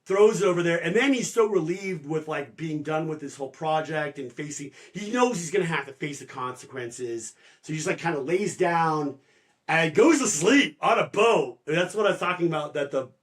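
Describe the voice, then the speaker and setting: A man co-hosting a podcast, retelling a novel's plot in casual chat, full of "like" fillers and quick mock voices for the characters. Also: a little high, animated. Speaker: podcast co-host. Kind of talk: casual book discussion.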